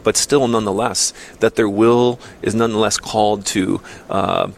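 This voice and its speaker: A man giving measured, earnest answers in a casual faith discussion, often repeating words as he thinks. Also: on the low side, vocal fry, slight background noise. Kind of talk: casual Catholic Q&A talk.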